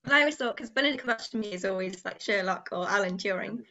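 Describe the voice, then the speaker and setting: A woman interviewer asks her questions eagerly, quick and bright in tone. The sound is dull and lo-fi. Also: medium pitch. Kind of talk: press interview.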